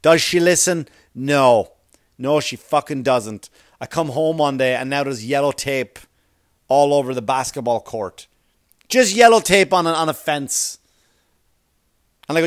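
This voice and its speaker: A man's voice: mid-range voice, unhurried, long pauses, no room sound, clean studio sound. A man delivering a rambling, profane comic monologue as a podcast host, constantly checking in with the listener. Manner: profane, keeps checking in with "right?".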